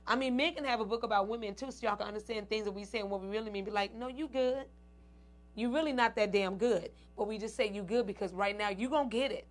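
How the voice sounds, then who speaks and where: A woman's voice: medium pitch, steady tone, racing, few pauses. A woman hosting her own show, chatting casually to her viewers, addressing them as "y'all" and "ladies" and laughing often. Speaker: show host.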